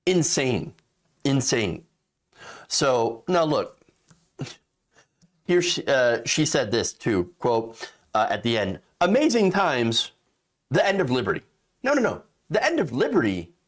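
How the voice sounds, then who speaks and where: Sarcastic man with a lively voice. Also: mid-range voice. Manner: sarcastic, indignant, conversational. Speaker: political commentator. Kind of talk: opinion commentary reading news.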